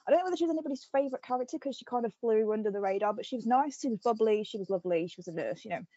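Woman podcast host, lively storyteller, dry close sound, slightly muffled. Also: fairly high pitch, racing, dry recording. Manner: animated storytelling with lots of fillers. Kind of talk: casual chat.

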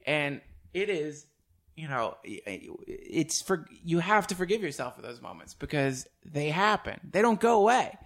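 A podcast host with a higher voice speaks at normal speed, his pitch swinging widely. He keeps things casual and animated, laughing and cursing as he talks.

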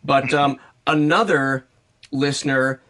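A man co-hosting a podcast, easygoing and quick to laugh in casual chat. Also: mid-range voice, fairly even intonation, a bit bright. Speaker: podcast co-host.

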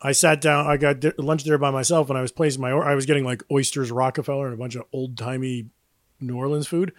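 A man's voice: mid-range voice, fairly even intonation, fast talker, dry recording, clean studio sound. A man co-hosting a podcast, telling stories in casual chat, acting out quotes and laughing often. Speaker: podcast co-host.

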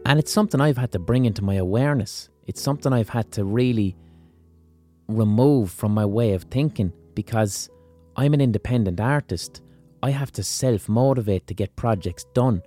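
A man's voice: mid-range voice, moderate pace, mellow, faint music behind. An Irish man hosting a podcast, talking through a casual monologue in a blunt, wry way with frequent swearing. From Ireland. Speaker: podcast host.

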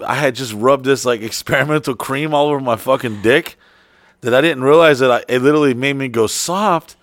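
A man's voice: medium pitch, a little fast, dry recording, clean studio sound. Profane rambling storyteller guy. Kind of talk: crude casual chat.

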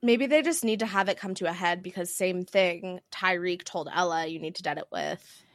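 A woman's voice: on the low side, moderate pace, no room sound, studio quality. A woman co-hosting a casual podcast, breaking down reality TV episodes in a candid, talkative way with casual swearing. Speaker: podcast co-host. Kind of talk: casual chat recapping reality TV.

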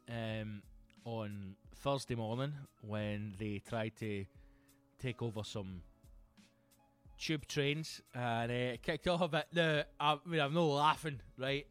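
Scottish man, comedy podcast host, sweary animated monologue, faint music underneath. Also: mid-range voice. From Scotland.

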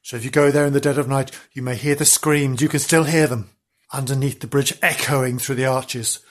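A man's voice: medium pitch, fairly even intonation, brisk. A man hosting a comic ghost-story podcast, telling the tale in a theatrical, melodramatic way. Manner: theatrical and melodramatic, hamming up the gore.

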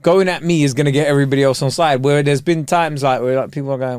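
A man's voice: a little high, steady tone, quick pace, darkish tone, clear, resonant tone, no echo, studio quality. Teasing man in banter. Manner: teasing banter, blunt, swears. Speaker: podcast co-host. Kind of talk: casual chat.

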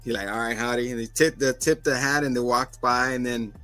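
A man's voice: mid-range voice, steady tone, a little fast, fairly bright tone, no room sound, soft background music. A man co-hosting a podcast, animatedly recapping an episode and acting out the characters' lines. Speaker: podcast co-host. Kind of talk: casual recap chat.

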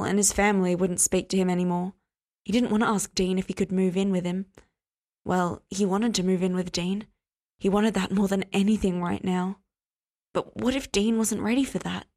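A woman reading a story aloud as audiobook narrator in a steady, even manner. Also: mid-range voice. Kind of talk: scripted narration.

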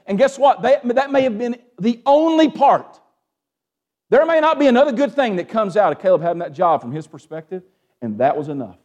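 Pastor, male, high voice, sermon delivery with call-and-response, shifts between hushed and raised. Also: very animated, brisk, lo-fi sound. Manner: Southern-tinged preaching with call-and-response "amen?", swings from hushed to raised.

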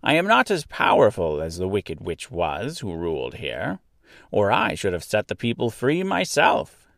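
Brief: gentle old witch lady, read by a man, calm and slow, voice sweeping up and down. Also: fairly low pitch, vocal fry, no room sound, studio quality, heavily acted. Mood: explaining. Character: kindly little old good witch, calm and sure. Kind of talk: storybook reading.

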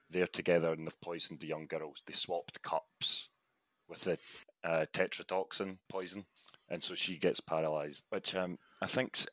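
A man talking as a guest in a relaxed podcast chat, joking, swearing casually and putting on voices as he goes. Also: low-pitched, no echo. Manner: chatty, laughs often, swears casually, mimics voices.

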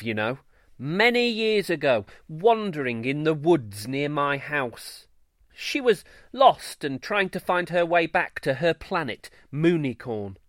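A man reads a children's story aloud as the show's host, in a playful, expressive manner. His voice sits a little high and roams widely in pitch, and he takes his time, all recorded dry and close. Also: no echo. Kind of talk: scripted children's story narration.

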